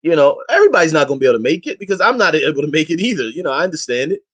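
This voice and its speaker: Male interview guest, rapid delivery, impassioned and slangy, exhorting. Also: on the high side, sing-song, slightly rough. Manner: impassioned, exhorting his listeners; slangy and emphatic. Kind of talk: casual interview talk.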